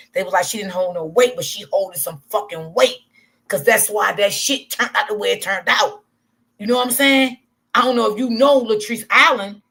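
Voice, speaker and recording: Bright-toned woman chatting live. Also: mid-range voice, creaky. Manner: chatty and candid, heavy swearing, laughs often, addresses chat as y'all. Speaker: livestream commentary host. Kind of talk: casual livestream chat.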